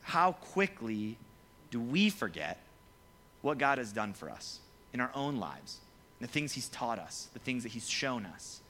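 A young man preaching a casual, joking sermon to students as their pastor, acting out quotes along the way. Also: medium pitch. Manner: lively, joking, acts out quoted voices. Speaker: youth pastor.

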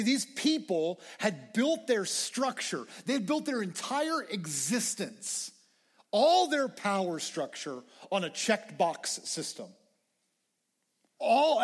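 A young man preaching a conversational, excitable sermon to students, often restarting his phrases. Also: high voice, unhurried, breathy edge. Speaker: campus minister. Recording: hall reverb.

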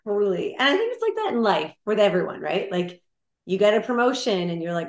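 A woman's voice: mid-range voice, sing-song, fast. A woman from Canada, a guest in an interview, talking candidly and animatedly with many fillers. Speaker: guest, Olympic marathoner. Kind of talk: casual interview chat. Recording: roomy echo.

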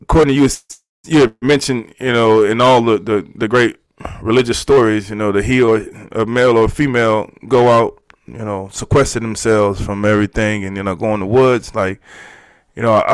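A man's voice: lowish voice, no room sound. A man, telling a personal story in a candid, emotional way, often restarting his words. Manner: emotional, halting, repeats words. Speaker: podcast guest.

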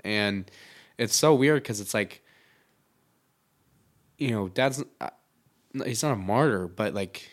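A man's voice: lowish voice, animated, takes it slowly, long pauses. A man talking candidly in a casual podcast chat, swearing freely and filling his talk with likes and you-knows.

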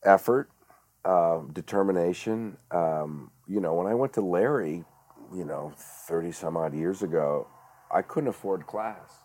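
Guest: middle-aged man with a very deep voice, halting and reflective, lots of fillers. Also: a little mellow. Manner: halting, many fillers and restarts. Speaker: guest, director and actor. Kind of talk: reflective storytelling.

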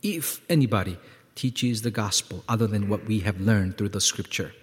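A male pastor preaching a sermon, emphatic and repetitive, swinging from loud peaks to quiet lows and calling on the congregation to respond. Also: normal speed. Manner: repeats words for emphasis, asks congregation to respond. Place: church sanctuary. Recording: long hall reverb.

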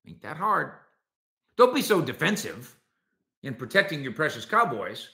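A man's voice: fairly high pitch, moderate pace, creaky, roomy sound. A man hosting a solo sports talk show, arguing his points and talking directly to his listeners. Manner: animated, argumentative, talks to listeners directly. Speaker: sports podcast host.

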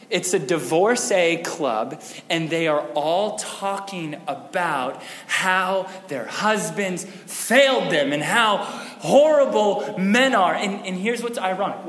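A man preaching a sermon, telling a story with lively animation and acting out the scenes. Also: high-pitched, big-room sound. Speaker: pastor.

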